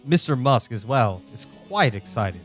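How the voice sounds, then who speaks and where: Lively man narrating a tabletop game. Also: medium pitch, measured pace, soft background music. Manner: deadpan narration broken by laughter. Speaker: game master.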